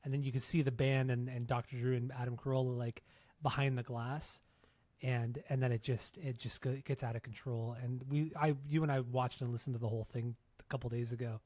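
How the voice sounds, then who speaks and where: A man's voice: mid-range voice, level tone, a little fast, mellow, no room sound. Male podcast co-host, mid-range voice, profane and laughing, casual banter. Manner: loose, profane storytelling with frequent laughs. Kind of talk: casual chat.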